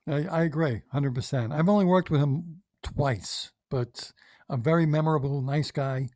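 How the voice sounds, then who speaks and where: A man's voice: a little high, moderate pace, warm tone, dry recording, clean studio sound. A man hosting an interview, chiming in with short agreeing remarks. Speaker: host. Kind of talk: interview chat.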